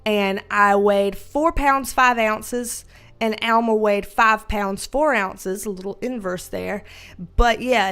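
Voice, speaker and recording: A woman's voice: fairly high pitch, a bit bright. A woman hosting a casual livestream, greeting viewers by name, laughing often and swearing casually. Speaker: livestream host. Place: dim indoor room with ring light.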